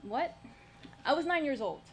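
A woman's voice: mid-range voice, moderate pace, slight background noise. A woman performing a personal story live at a storytelling showcase, with a wry, humorous delivery and dry asides.

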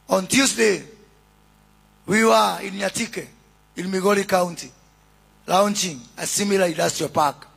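A man with a Kenyan accent giving a deliberate, oratorical public speech as a government minister at a launch event, calling out greetings to the crowd. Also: sits high, creaky, a bit bright, husky.

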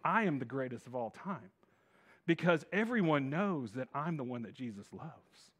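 A smug, self-satisfied John, as a man acts him out. He drawls slowly in a dropped, quiet voice. Every word sounds pleased with itself. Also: animated, slightly rough. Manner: smug, slow and lowered.

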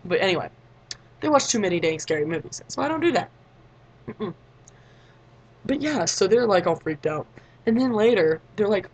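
In a casual vlog, a late-teen girl chats through a story at a fast clip, acting out other people's lines and saying "like" a lot. Her lowish voice is animated, and the poor audio carries a little hiss or hum.

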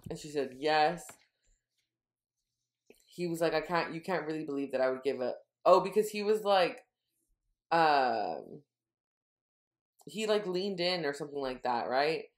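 A woman co-hosting a podcast, casually retelling a book's scenes and quoting its dialogue in a low murmur. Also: expressive, measured pace, long pauses. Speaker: podcast co-host. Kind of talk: casual book-recap chat.

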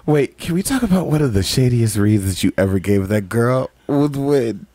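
A man's voice: medium pitch, normal speed, no room sound. A man co-hosting a podcast in a casual chat, teasing his co-hosts and moving the segments along. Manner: animated, teasing, steers the segments. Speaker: podcast co-host.

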